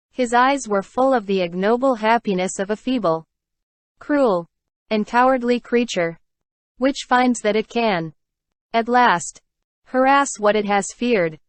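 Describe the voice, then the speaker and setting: Steady woman reading a classic novel. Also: a little high, no room sound. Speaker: audiobook narrator. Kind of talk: scripted narration.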